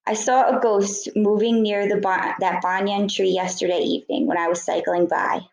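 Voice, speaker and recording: A woman's voice: medium pitch, steady tone, moderate pace, creaky, a little mellow, roomy sound, lightly acted, rough recording. A woman reading a storybook aloud, voicing a nervous young boy who insists a place is haunted. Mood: insistent.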